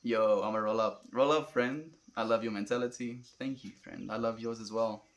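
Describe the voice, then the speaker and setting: A young man with a South African accent, livestreaming and reading chat aloud in a calm, laid-back way, often calling viewers friend. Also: lowish voice, normal speed, muffled recording.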